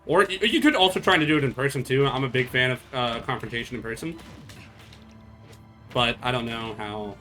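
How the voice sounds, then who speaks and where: Young guy streamer ranting to chat, swears a lot, bright edgy voice, faint music behind. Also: medium pitch, fairly quick. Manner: blunt, profane, rambling with restarts. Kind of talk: casual stream chat with viewers.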